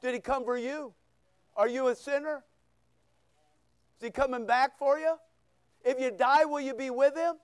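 A male pastor preaching a sermon, firing rhetorical questions and sharp asides at his congregation. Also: very high-pitched, fairly even intonation, moderate pace, pauses often, clean tone, no echo. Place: church.

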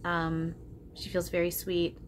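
A woman channeling spirits aloud in a soft, hesitant way, with frequent ums and casual swearing. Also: fairly low pitch, monotone, takes it slowly, slight background noise.

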